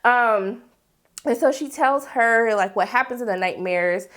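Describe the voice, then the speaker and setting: A woman giving a casual, animated TV episode recap in slangy speech, often acting out the characters' lines. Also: on the high side, unhurried. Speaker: TV series reviewer.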